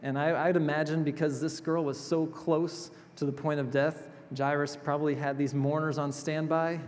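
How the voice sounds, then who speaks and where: A male pastor delivering a sermon in a chapel, expressive, moving between emphatic passages and hushed, gentle ones. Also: a little high, normal speed. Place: chapel sanctuary. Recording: reverberant chapel hall.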